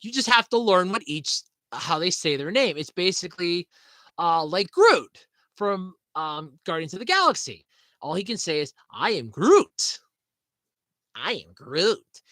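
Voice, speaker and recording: A man's voice: sits high, big pitch swings, moderate pace, sharp tone, dry recording. A man hosting a podcast in casual, rambling chat, swearing freely and laughing at his own jokes. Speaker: podcast host.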